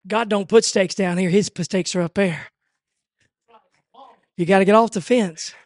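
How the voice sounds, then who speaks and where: A man preaching a revival sermon at a church service, swinging from hushed asides to shouted, rhythmic repetition. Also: high-pitched, normal speed, no room sound, clean studio sound. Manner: rhythmic repetition, rising cadence.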